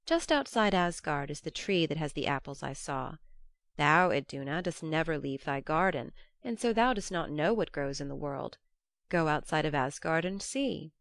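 Lady reading sly smooth-talking trickster god, low and coaxing, dry sound. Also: expressive, moderate pace, no room sound.

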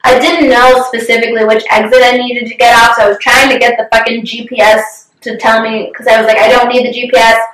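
A woman's voice: fairly high pitch, flat delivery, a little fast, few pauses, a bit bright. A young woman in her twenties chatting casually, telling an emotional story candidly and swearing freely. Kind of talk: casual chat. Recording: roomy, distant from mic.

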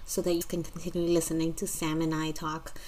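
A woman podcast host with a fairly low voice closes the episode. She speaks in a relaxed way, straight to the listeners. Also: a little fast, slight background noise. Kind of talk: episode outro.

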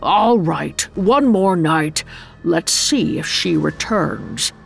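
A woman voicing an anxious old male advisor, lowering her voice into a gruff tone. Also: expressive, takes it slowly, soft background music, exaggerated voice. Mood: cautious.

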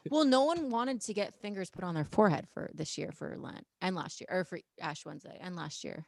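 A woman's voice: on the low side, sing-song, a little fast, gravelly, darkish tone, no echo. A young woman co-hosting a casual podcast, chatty and teasing. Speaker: podcast co-host.

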